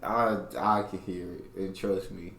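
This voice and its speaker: A man's voice: low-pitched, fairly even intonation, unhurried, creaky, fairly bright tone, slight background noise. A man hosting a reaction video, chatting casually and teasing with a joking manner. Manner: joking, teasing, laughs easily. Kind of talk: casual chat. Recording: echoey room.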